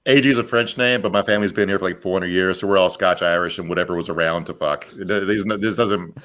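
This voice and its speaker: A man with a fairly low voice co-hosts a relaxed comedy chat. He rambles through wry, crude asides in an offhand way. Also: quick pace. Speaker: co-host.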